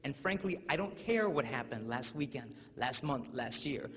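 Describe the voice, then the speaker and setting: A young American man in his twenties giving a jokey, animated talk to teenagers, telling stories with acted-out quotes. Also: mid-range voice, moderate pace. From United States. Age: 20s. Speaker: chastity speaker. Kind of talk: humorous motivational talk to teens. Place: large school hall with audience. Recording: lo-fi recording with long hall reverb.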